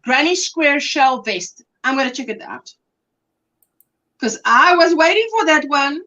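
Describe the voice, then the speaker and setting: Lively high-voiced woman on a dull line. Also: a little slow. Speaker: co-host on a livestream. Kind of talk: casual chat.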